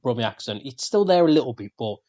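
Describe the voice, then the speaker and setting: Quick and animated, this medium-pitched man has a dark tone and a Birmingham accent. He's an English podcast co-host trading casual, sweary, laid-back banter.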